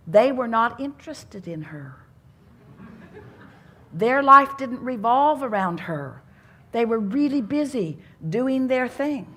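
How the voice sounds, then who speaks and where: A woman's voice: on the high side, expressive, slow, pushed and bright, breathy edge. A woman speaking to a live audience at a self-help seminar, teaching in an earnest tone with odd turns of phrase. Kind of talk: inspirational seminar talk.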